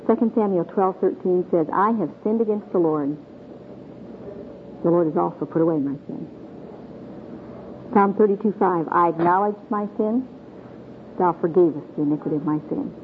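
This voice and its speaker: A middle-aged woman from Michigan teaching a Bible class to a group in a folksy, earnest way, asking her listeners questions. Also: fairly low pitch. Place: meeting room with a group. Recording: tinny phone-like old tape with faint hiss.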